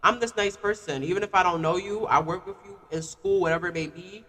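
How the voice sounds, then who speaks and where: Bright-voiced ranting man, reverberant room. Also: high voice, fast. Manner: animated, repetitive "like" fillers. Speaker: live streamer. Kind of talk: casual ranting monologue.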